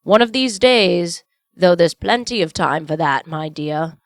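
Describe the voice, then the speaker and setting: Woman voicing Bob, a gentle loving father. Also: on the low side, expressive, measured pace, dry recording, clean studio sound. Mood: earnest. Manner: earnest, tender, emphatic. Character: kindly humble father, gentle and warm-hearted.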